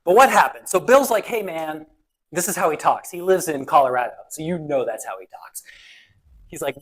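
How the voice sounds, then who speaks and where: A man with a slightly high-pitched voice gives a relaxed conference talk. He speaks conversationally, with a jokey tone, and slips into other people's voices when quoting them. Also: a little fast, breathy edge, rough recording. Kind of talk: casual conference presentation.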